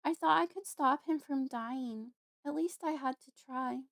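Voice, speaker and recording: A woman voicing a young girl who is frightened and haunted, with a high, pleading voice close to tears. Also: a little slow, gravelly, fairly bright tone, no room sound, full character voice. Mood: anxious.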